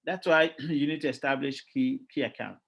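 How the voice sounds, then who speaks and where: Gravelly Ghanaian male lecturer. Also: medium pitch, moderate pace, highs cut off. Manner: lively, keeps checking in with "all right?" and quizzing students. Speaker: university lecturer. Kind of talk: classroom lecture.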